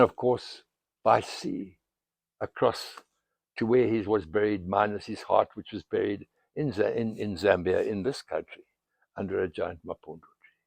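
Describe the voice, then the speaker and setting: Gravelly older man telling river history. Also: on the low side, a little mellow, no echo. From South Africa. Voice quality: gravelly, husky. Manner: dramatic storyteller, bursts of emphasis. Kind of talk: storytelling monologue outdoors.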